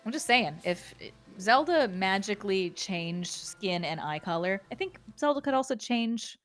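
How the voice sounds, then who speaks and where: A woman's voice: mid-range voice, animated, measured pace, a bit bright, soft background music. A young woman streamer chatting casually while playing a game, giggly and swearing freely. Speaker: livestreamer. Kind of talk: casual let's-play chat.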